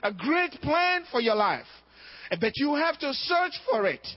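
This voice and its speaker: High-voiced man preaching emphatically. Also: very animated, measured pace, no echo. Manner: emphatic preaching with repetition and call-and-response "amen?". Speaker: pastor. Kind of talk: sermon. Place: church service. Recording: dull, lo-fi dry recording.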